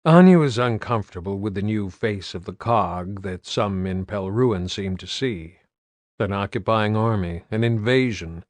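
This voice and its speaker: A man with a fairly low voice narrates an audiobook in an even, steady reading. The recording is dry and close, with no room sound. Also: no echo. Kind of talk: scripted narration.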